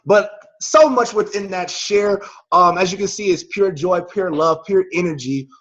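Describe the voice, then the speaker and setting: A man hosts a team video call, hyping up members with slangy, preachy encouragement. His voice sits somewhat high for a man and sounds a little husky. The call audio is dull and lo-fi. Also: normal speed, fairly bright tone. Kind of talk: motivational talk on a video call.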